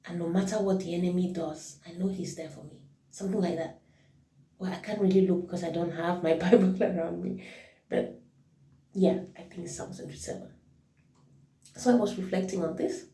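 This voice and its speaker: A woman's voice: fairly low pitch, fairly even intonation, moderate pace, dark tone. A woman giving an informal devotional talk as a worship leader, reflective and thinking aloud as she corrects herself. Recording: roomy echo, mic at a distance.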